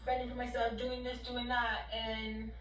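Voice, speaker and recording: A woman's voice: on the high side, level tone, moderate pace, fairly bright tone, reverberant, distant mic, low-quality recording. A young woman telling a heated storytime monologue, emphatic and ranting, heard as a video played back in the room. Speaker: storytime YouTuber.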